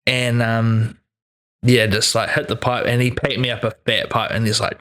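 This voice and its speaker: A man's voice: medium pitch, moderate pace, gravelly. Easygoing New man. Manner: relaxed, laughing, easygoing storyteller. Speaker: guest. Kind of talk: casual chat.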